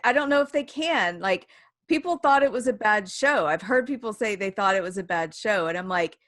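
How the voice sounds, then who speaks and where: A woman hosting a podcast in a casual chat, laughing often and agreeing warmly. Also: medium pitch, animated, moderate pace. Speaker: podcast host.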